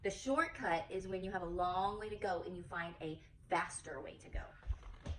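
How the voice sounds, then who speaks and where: Young woman reading a storybook to a little kid, swoops up high a lot, echoey room, phone a bit far off. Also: a little hiss or hum. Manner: animated, coaxing, sing-song prompting. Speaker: preschool teacher. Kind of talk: reading a picture book aloud to a toddler.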